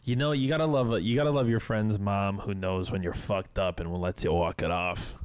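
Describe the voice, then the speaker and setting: A young man co-hosting a casual podcast, telling animated stories and jumping into shrill voices when he imitates people. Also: brisk, smooth. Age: young adult. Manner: animated storyteller, shrieks when imitating others. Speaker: podcast co-host. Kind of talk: casual chat.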